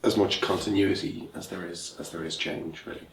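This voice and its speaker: Male podcast host, measured, off-mic, faint noise. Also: low-pitched, fairly even intonation, a bit bright, echoey room, recorded from a distance, low-quality recording. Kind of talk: interview questions.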